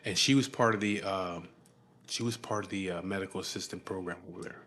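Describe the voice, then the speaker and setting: Male storyteller, Chicano English, lowish voice, casual and crude, lots of fillers. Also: steady tone, a little fast, a bit bright, slight background noise. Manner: profane, rambling, many fillers and restarts.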